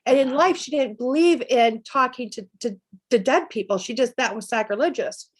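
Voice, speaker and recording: Middle-aged woman guest, kinda high voice, chatty storytelling w/ little laughs. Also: moderate pace, slightly rough. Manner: lively anecdotal telling with laughs. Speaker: psychic medium guest. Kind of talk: storytelling interview chat.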